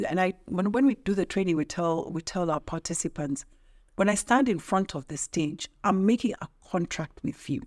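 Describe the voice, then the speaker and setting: A middle-aged woman appears as a guest on a casual podcast interview, her voice lowish and slightly mellow. She comes across as an emphatic, teacherly trainer who likes to pose rhetorical questions.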